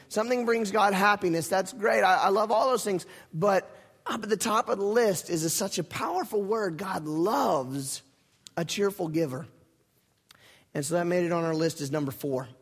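High-voiced pastor preaching in a hall. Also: male voice, slightly rough. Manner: folksy, lively preaching with asides and repeated phrases. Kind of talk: sermon. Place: church sanctuary.

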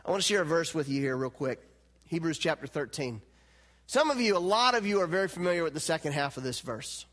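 A man preaching a sermon as pastor, animated and swinging between loud, emphatic lines and hushed, quiet ones. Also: on the high side, fast. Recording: long hall reverb.

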